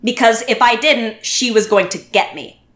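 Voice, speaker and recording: At a normal speed and fairly high pitch, a woman relates a story as a podcast guest in casual conversation. She's lively, acting out people's words, and the room adds a noticeable echo.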